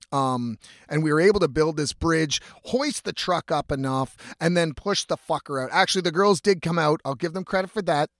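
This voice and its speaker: A man hosting his own show tells a long, rambling story packed with heavy swearing and plenty of fillers. His voice is on the high side and fairly bright, captured in a dry, studio-quality recording.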